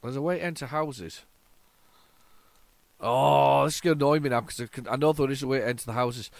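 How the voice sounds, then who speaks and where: A man's voice: medium pitch, fairly quick, vocal fry, no echo. A tired middle-aged man, rambling and joking as he hosts a retro gaming video and keeps restarting his sentences. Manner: rambling, chatty, many restarts, sarcastic asides. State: tired, yawning. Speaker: retro gaming channel host. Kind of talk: casual commentary while loading games.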